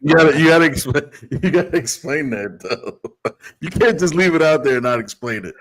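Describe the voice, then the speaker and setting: A man co-hosting a podcast, telling an anecdote in a laughing, animated way. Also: a little high, normal speed, low-quality recording. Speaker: podcast co-host. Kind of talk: casual sports chat.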